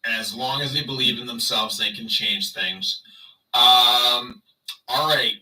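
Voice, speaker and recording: A man's voice: medium pitch, slow pace, sharp tone, distant mic, poor audio. A man livestreaming in casual chat, rambling and sarcastic as he talks to his viewers.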